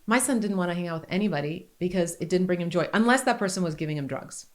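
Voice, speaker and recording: Earnest, emphatic woman talking. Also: fast talker. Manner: earnest and emphatic, rising in pitch when making a point. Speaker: podcast co-host. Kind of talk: casual podcast conversation.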